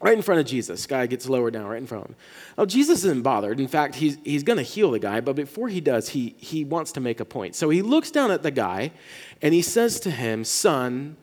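A man preaching a sermon as pastor, talking in a casual, animated way and often restarting his words. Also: medium pitch, fairly quick, big-room sound.

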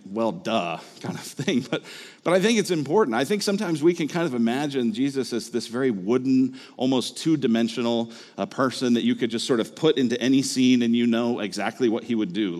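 A man delivers a sermon in an easygoing, conversational voice, checking in with his listeners through rhetorical questions. His pitch sits in the middle range for a man. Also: big-room sound. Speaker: pastor.

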